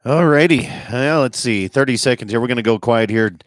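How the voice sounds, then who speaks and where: A man hosting an outdoors radio show, chatting in a relaxed, folksy way and handling the on-air setup himself. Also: medium pitch, brisk, no room sound. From Dakotas, United States. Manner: relaxed, folksy, runs the show's tech on air. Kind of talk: casual outdoors radio chat.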